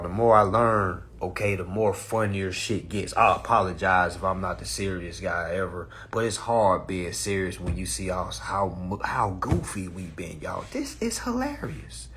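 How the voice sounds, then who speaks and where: A man hosting a casual livestream on his phone, talking in a preachy, animated way, cursing freely and laughing at his own points. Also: low voice, slight background noise. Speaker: livestream host.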